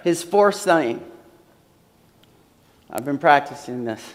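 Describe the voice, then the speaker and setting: In a large hall with long reverb, a man with a high voice preaches an earnest sermon at an unhurried pace. He repeats phrases and uses a lot of fillers.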